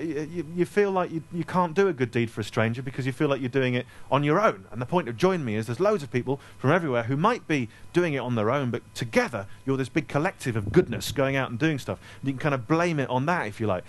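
A man's voice: mid-range voice, expressive, fast talker, few pauses. A man from Scotland, an author answering audience questions in a casual Q&A, joking and self-deprecating with rambling asides, speaking into a handheld microphone. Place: store event space with a live audience.

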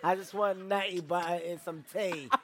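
A man putting on a deliberately bad mock English accent, laughing as he goes. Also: sits high, fairly even intonation, natural voice. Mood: playful.

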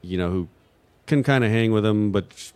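A man from New Mexico with a fairly low voice, fielding questions from an audience. He rambles, stalls on fillers, and restarts his sentences often. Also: moderate pace, a little mellow, clear, resonant tone. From New Mexico, USA. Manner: hesitant, full of fillers and restarts. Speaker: guest at audience Q&A. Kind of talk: rambling unscripted answers.

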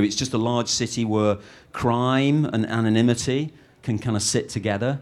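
Chatty British film director, rambling. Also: male voice, mid-range voice, normal speed. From Britain. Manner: rambling, lively, frequent restarts. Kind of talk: interview answers.

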